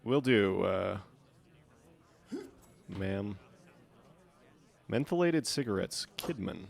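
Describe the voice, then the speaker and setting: A man streaming a video game live, talking to himself and his viewers as he plays. He jokes, thinks aloud and chats casually. His voice sits a little low. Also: animated, drawn-out words, vocal fry. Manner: chatty, joking, thinks aloud. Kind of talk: live gameplay commentary.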